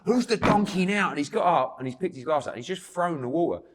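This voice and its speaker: A middle-aged man, hosting a casual chat as a boxing promoter and telling anecdotes in a lively way that acts out other people's lines. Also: fairly high pitch, fast, crowd noise.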